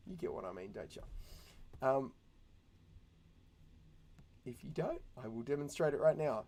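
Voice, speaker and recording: A man's voice: mid-range voice, darkish tone. Chatty man teaching animation. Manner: chatty, thinking aloud, makes mouth sound effects. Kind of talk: casual screen-recorded tutorial.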